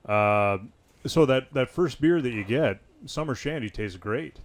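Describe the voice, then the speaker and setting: A man's voice: medium pitch, lively intonation, unhurried. A man co-hosting a beer tasting vlog, chatting in an easygoing, agreeable way. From Wisconsin. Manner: easygoing, agreeable, hesitant fillers. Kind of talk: casual chat.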